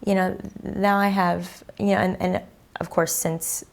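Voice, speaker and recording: A woman in her thirties speaks as an interview guest, candid and reflective, with a low voice. Gravelly fry runs through her speech. She often pauses on fillers as she thinks. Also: little pitch movement. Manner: open, reflective, many fillers. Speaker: guest, prenatal class teacher.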